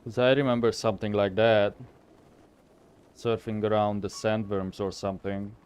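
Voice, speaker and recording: A man's voice: lowish voice, little pitch movement, normal speed, darkish tone, clean tone. A young man streaming a game, chatting casually and thinking aloud as he rambles with fillers. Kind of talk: casual live game commentary.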